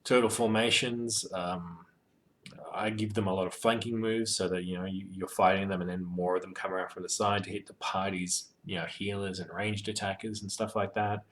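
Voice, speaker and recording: Low-voiced man rambling game-master advice. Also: little pitch movement, normal speed, fairly bright tone. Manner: rambling, full of ums and you-knows, sweary and joking. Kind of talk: casual advice monologue.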